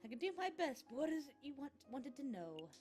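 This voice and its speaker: A woman voicing a sweet, excitable young French cat woman in a game, high and bubbly. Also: brisk, soft background music. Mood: eager.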